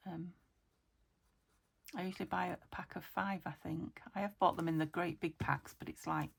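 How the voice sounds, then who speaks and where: A woman's voice: lowish voice, steady tone, moderate pace, creaky, husky. A woman casually chatting to herself as she works on a junk journal, thinking aloud and often slipping into a whisper. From United Kingdom. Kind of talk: casual crafting chat.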